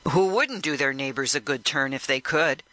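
A man reading an audiobook, voicing a tipsy man who talks in a gruff, offhand way. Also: mid-range voice, expressive, normal speed, bright, forceful tone, dry recording. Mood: defensive. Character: tipsy man, blunt and evasive.

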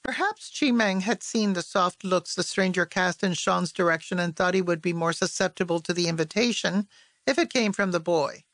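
A woman's voice: lowish voice, no room sound. Woman reading a novel aloud, dry and close. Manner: measured, even storytelling. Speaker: narrator. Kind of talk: audiobook narration of literary fiction.

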